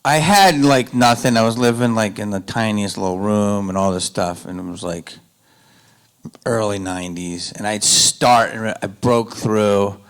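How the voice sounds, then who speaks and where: A man telling stories as a guest on a convention panel, loose and joking, going from loud asides to quiet, confiding stretches. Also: lowish voice, measured pace, clear, resonant tone. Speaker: panel guest, actor and comedian.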